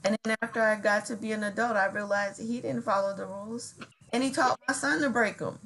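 A woman's voice: medium pitch, fairly even intonation, a little fast, creaky, fairly bright tone, slight background noise, poor audio. Middle-aged woman just chatting, telling stories, does the voices of people in them. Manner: chatty storyteller acting out quoted dialogue. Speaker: co-host. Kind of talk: casual chat.

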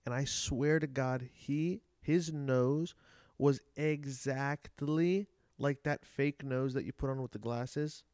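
A man's voice: mid-range voice, steady tone, slow pace, a little mellow, clean tone, no room sound, studio quality. A man chatting casually on a podcast, telling eager stories and laughing along. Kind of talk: casual chat.

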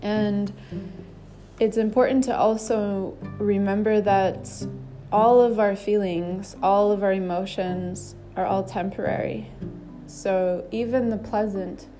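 A woman yoga teacher talks in a calm, gentle, reflective way, now and then restarting a phrase. Her voice is mellow and warm, and her pitch stays fairly level. Soft music plays faintly behind her. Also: slow. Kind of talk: reflective spoken monologue.

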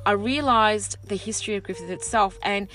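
A woman chatting as a guest, a passionate and animated storyteller. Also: mid-range voice, moderate pace, faint music behind. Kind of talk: casual chat.

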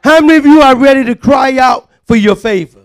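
A man preaching a fervent sermon, often shouting and calling on the congregation to respond. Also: very high voice, brisk.

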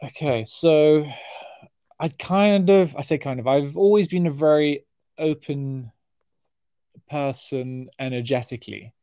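A man, talking casually as an interview guest, relaxed and rambling with fillers and restarts. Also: fairly high pitch, unhurried, long pauses, no echo, muffled recording. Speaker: herbalist guest.

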